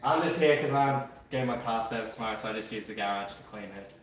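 A man's voice: fairly low pitch, fast talker. A laid-back man jokes casually as he drops by a garage. He sounds far from the mic in a very echoey space. Faint noise sits under his voice. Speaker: visitor dropping by. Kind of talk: casual chat.

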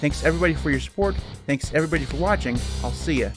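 A man's voice: a little high, rapid-fire, music in the background. A man hosting his own channel, talking casually and rambling a little, with self-deprecating jokes. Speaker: channel host. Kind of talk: casual solo talk to camera.

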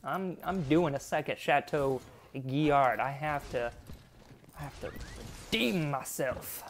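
A man giving casual, excitable gameplay commentary, laughing and easily distracted as he plays. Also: mid-range voice, measured pace, slight background noise. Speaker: gaming YouTuber.

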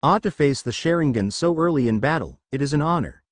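A man's voice: a little high, lively intonation, a little fast, no room sound, clean studio sound. A man reading the lines of a menacing adult male swordsman ninja in a storybook.

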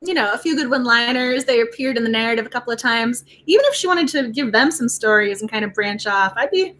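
Woman, book club co-host; high, bright, animated casual talk. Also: fast, slight background noise. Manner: animated, reads quotes aloud with feeling.

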